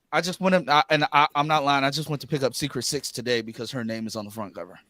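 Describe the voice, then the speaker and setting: A man excitedly telling a convention story in casual chat on a live stream, stumbling over restarts. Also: medium pitch, quick pace, hardly any pauses, dry recording. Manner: excited, animated anecdote telling with stammered restarts. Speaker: streamer panel guest.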